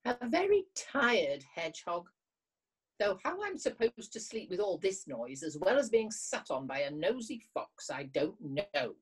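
A woman reading a storybook plays a tired, crabby little male hedgehog. He snaps and grumbles, his husky voice lurching up in pitch when he is put out. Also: very animated, unhurried. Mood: grumpy. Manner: snappish, grumbling.

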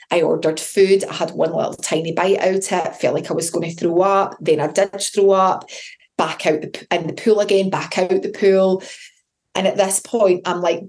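A woman's voice: fairly low pitch, a little mellow. Chatty woman on her own podcast, candid, does little voices when she quotes people. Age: adult with children. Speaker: podcast host. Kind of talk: solo confessional storytelling.

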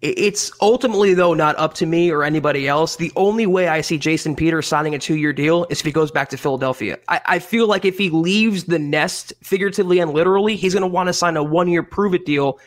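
A man co-hosts a casual sports podcast in a fairly high male voice. He lays out his opinions with conviction and breaks into laughter easily. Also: quick pace, hardly any pauses. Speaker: podcast co-host.

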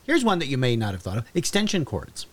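A man's voice: medium pitch, huge pitch swings, fast. A man co-hosting a casual podcast chat, reciting facts in a hesitant way with many fillers. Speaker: podcast co-host.

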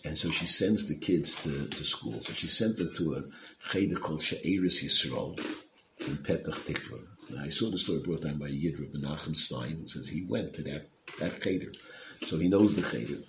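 Male Torah lecturer, storyteller, loose and digressive, very low voice, echoey noisy recording. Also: moderate pace. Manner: casual, digressive, many fillers and asides. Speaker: Torah class speaker. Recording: roomy with clear background noise.

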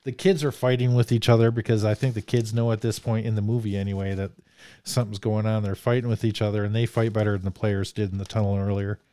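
A man's voice: lowish voice, little pitch movement, fast talker, mellow, clear, resonant tone, dry recording. A man hosting a casual movie discussion podcast, joking and reading from his notes. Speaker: podcast host.

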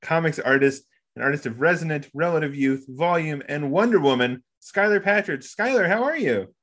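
A man hosting a casual podcast about horror films. He introduces his guests and chats in a relaxed way, laughing easily and trailing off mid-thought. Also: fairly high pitch, moderate pace. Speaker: podcast host. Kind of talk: casual chat.

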